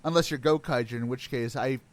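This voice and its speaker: A man co-hosting a podcast, joking and swearing in casual chat. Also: mid-range voice. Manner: joking, swearing, quick to riff. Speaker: podcast co-host.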